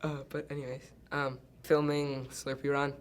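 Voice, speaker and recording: A man's voice: medium pitch, monotone, moderate pace, clear, resonant tone. Tall teenage boy rambling about school. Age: teens. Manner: rambling, with fillers and laughs. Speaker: student interviewee. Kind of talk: casual chat.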